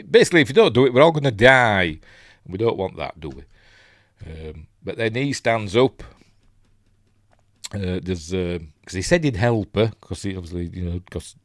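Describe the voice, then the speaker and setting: A man's voice: low-pitched, no room sound, studio quality. A man with a Yorkshire accent hosting a casual film commentary, rambling with many ums and restarts. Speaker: host.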